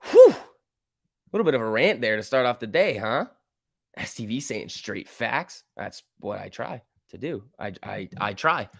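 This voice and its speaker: A young man hosting a live stock-market stream, talking in an emphatic, excitable rant. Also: mid-range voice, a little slow, creaky, no room sound, studio quality. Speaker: livestream host.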